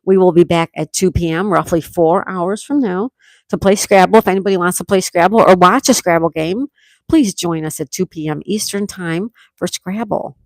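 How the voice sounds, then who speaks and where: A woman's voice: on the low side, normal speed, no room sound, clean studio sound. A woman from the United States hosting a casual live stream, chatting and reading viewer comments aloud in an upbeat way. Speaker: livestream host.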